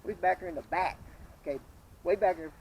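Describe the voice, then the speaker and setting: A middle-aged man, homeless, telling an animated story outdoors in casual, salty street talk. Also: high-pitched, fairly quick, a little hiss or hum, rough recording. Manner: animated, swears freely, slips into voices of people he quotes. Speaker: homeless man being interviewed.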